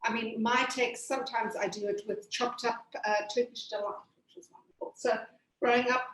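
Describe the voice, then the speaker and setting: A woman's voice: on the high side, steady tone, normal speed, a bit bright. A woman pastry chef from Zimbabwe giving a chatty step-by-step cooking demonstration with plenty of fillers. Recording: echoey room.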